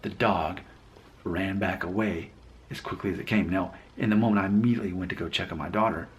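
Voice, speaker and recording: A man with a very low voice tells a personal story to his channel. He talks reflectively and rambles, often stopping to correct himself mid-sentence. He grew up in Alabama and has no regional accent. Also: fairly even intonation, a little fast. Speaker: vlogger. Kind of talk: casual storytelling vlog.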